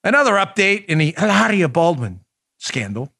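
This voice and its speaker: A man's voice: high voice, big pitch swings, moderate pace, gravelly, sharp tone. A man hosting a political commentary podcast, sarcastic and incredulous, firing off rhetorical questions. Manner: sarcastic, mocking asides. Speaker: podcast host.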